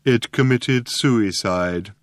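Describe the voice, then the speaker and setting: A man voicing a gloomy, depressed male robot who talks in a slow, dejected drone. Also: mid-range voice, dry recording, studio quality, close to an everyday voice.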